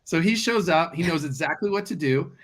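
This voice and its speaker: Higher-voiced man telling a lively story. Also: fairly quick. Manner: lively anecdotal delivery, acts out dialogue. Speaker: guest real estate investor. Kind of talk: casual storytelling.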